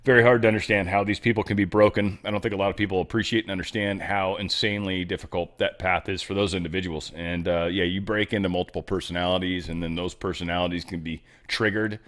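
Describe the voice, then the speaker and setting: A man hosting casual news commentary. He rambles and jokes, jumping between loud bursts and low mutters. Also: steady tone, fast talker, hardly any pauses. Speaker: host.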